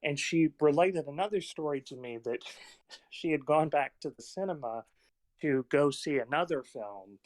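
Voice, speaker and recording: A man's voice: fairly high pitch, animated, normal speed, dry recording. A man hosting a casual film podcast, telling stories in a rambling way with plenty of fillers. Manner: rambling anecdotes with many fillers. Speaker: podcast host.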